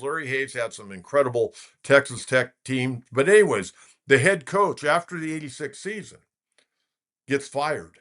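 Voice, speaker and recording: A man's voice: medium pitch, a bit bright. An older man in his sixties, from California, runs a casual sports talk show. He tells stories in a folksy, rambling way and leans on filler words as he goes. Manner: folksy, rambling storyteller with many filler uhs. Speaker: sports radio host.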